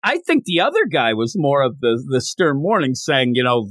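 Animated podcast host with lively pitch. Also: dry recording. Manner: animated, acts out dialogue in quick bursts. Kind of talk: casual manga review chat.

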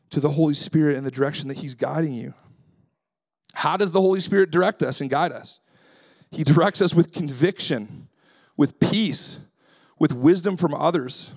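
A male pastor preaching a sermon in a relaxed, conversational way, weaving in stories about his daughters and acting out what he says to them. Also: on the high side. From Canada. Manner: lively, acts out his own voice when quoting himself.

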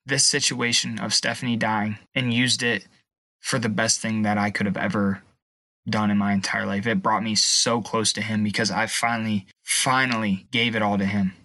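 Young man, tearful interview guest, halting and emotional; lowish, bright voice, dry close sound. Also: little pitch movement, no room sound. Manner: emotional, halting, pauses and restarts. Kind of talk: personal testimony.

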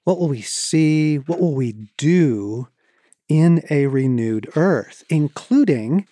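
A man reads from his own writing in a soft, mellow tone. His delivery is reflective and reverent, broken by relaxed conversational asides. The sound is close and dry, with no room around it. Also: on the high side, slow, dry recording. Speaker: author reading from his book. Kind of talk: reading a book aloud with casual asides.

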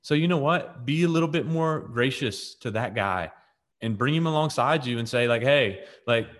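A talkative man co-hosting a faith podcast, who spins his stories with lively swings in pitch. He keeps saying "like" and "right?" and acts out the people he quotes in their own voices. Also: normal speed. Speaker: podcast co-host. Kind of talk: casual faith conversation, storytelling.

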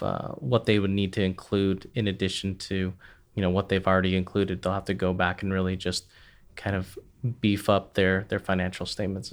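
A man on a podcast methodically listing technical accounting requirements, with frequent "right" and "um". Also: on the low side. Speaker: accounting expert guest. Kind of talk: explanatory podcast discussion.

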